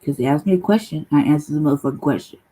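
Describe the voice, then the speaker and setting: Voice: mid-range voice, racing, dark tone, low-quality recording. A channel host telling a long personal story in a casual, profane, rambling monologue full of slang.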